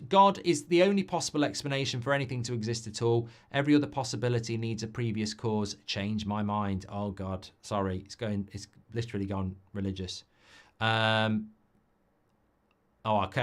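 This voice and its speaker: A man hosting a live football watchalong, chatting with viewers in a sweary, cynical, rambling and animated way, from England. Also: medium pitch. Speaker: watchalong host.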